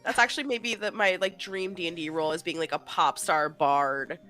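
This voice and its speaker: A woman co-hosting a podcast in casual chat, enthusiastic and quick to agree. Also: lowish voice, fairly even intonation, a bit bright, soft background music. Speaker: podcast co-host.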